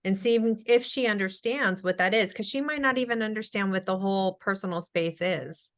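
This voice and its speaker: A woman's voice: medium pitch, moderate pace, a bit bright. Woman speech therapist chatting in a webinar, lots of ums, acts out little quotes. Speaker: speech-language pathologist guest. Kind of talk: casual webinar Q&A.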